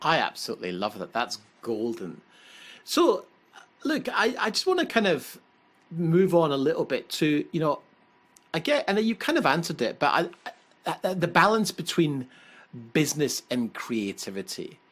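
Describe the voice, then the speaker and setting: A man hosts a podcast interview. His pitch moves around a lot as he asks questions in a relaxed, conversational way. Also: normal speed. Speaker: podcast host.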